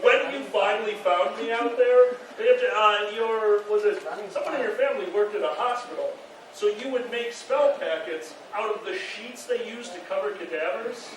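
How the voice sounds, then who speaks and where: A jokey man trades quick asides on a live convention panel, his voice sitting high. He sounds distant in a strongly echoing hall, with loud noise underneath. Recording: echoey hall, far from the mic, loud background noise.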